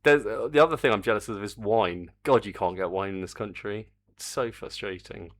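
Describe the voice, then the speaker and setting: A man's voice: fairly low pitch, moderate pace. An older man, chatting casually on a live stream while he works on a game, reading the chat aloud and swearing mildly.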